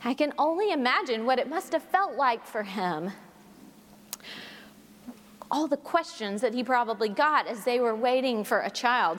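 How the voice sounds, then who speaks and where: A woman preacher delivers a sermon, reading scripture and spinning stories at a measured, expressive pace. Her voice sits fairly high, and a long reverb trails her words through the large hall.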